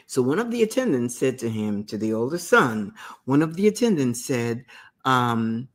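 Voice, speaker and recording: A woman's voice: a bass voice, big pitch swings, unhurried. A woman hosting a talk show, retelling a parable in a conversational way, with restarts and asides. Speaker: host. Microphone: streamed talk show mic.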